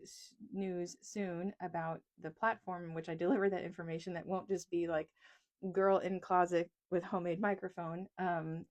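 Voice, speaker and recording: A woman's voice: fairly low pitch, darkish tone. Chatty, frank woman economist from East Texas. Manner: chatty, self-deprecating, frank. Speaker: economist and video creator. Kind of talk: casual talk to camera. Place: small closet. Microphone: lapel mic clipped on a pencil.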